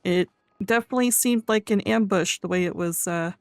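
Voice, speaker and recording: A woman's voice: medium pitch, fairly quick, dry recording, clean studio sound. A woman roleplaying in a game, chatting in character, laughing often and acting out what others said. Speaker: roleplayer playing an outlaw character.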